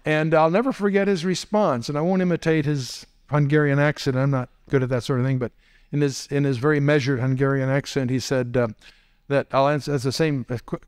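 A man's voice: mid-range voice, clear, resonant tone. A man giving a teaching lecture as a Bible teacher, posing rhetorical questions and dropping wry asides. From United States.

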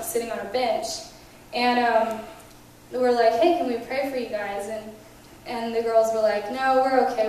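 A woman with a high voice tells testimonies at a conference in animated style. She acts out quoted dialogue and laughs between lines. She is heard from a distance in a very echoey hall. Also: a little hiss or hum. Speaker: conference speaker sharing testimonies. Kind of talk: testimony storytelling.

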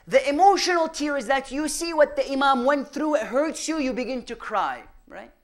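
A man giving a religious lecture, firing rhetorical questions at the audience and swinging between loud emphasis and hushed asides. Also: extremely high pitch, lively intonation, moderate pace. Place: mosque or Islamic center hall.

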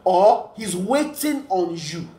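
A man's voice: high voice, lively intonation, takes it slowly, mellow, roomy sound. A man preaching a sermon, earnest and repeating key phrases for emphasis.

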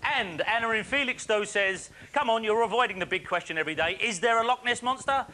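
A man presenting a phone-in quiz on a studio show, chatty and jokey with quick patter and frequent laughs. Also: sits high, pushed and bright. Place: TV studio with live audience. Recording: faint audience and studio noise.

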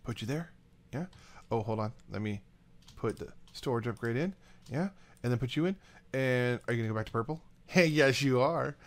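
A man giving casual, rambling gameplay commentary as a let's play host, getting excited and chatting to the items he handles. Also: medium pitch, moderate pace, long pauses.

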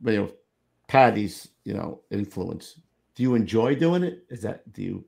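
Gravelly podcast host asking questions. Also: male voice, lowish voice, expressive, unhurried, a little mellow. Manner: brief agreeing interjections. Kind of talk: casual interview.

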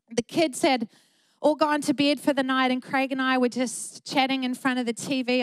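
A woman's voice: sits high, clean tone, no echo. A middle-aged woman pastor, preaching an earnest, emphatic sermon with repeated phrases.

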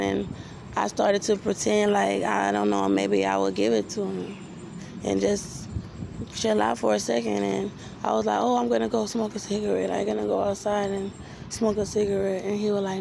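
Gravelly-voiced woman telling a rambling story. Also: medium pitch, normal speed, noisy background. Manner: rambling, repeats herself, many restarts. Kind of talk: personal storytelling monologue.

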